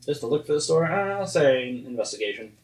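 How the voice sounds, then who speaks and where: A man's voice: on the high side, big pitch swings, quick pace, heavy background noise. A man running a tabletop game as game master, narrating in a rambling way with lots of fillers. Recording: echoey room, far from mic.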